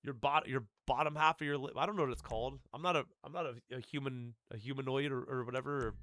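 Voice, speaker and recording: A man's voice: mid-range voice, fast talker, a bit bright, no room sound. A man streaming a video game, chatting casually in a rambling, laid-back way full of "like" and "dude". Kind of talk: casual stream chat while gaming.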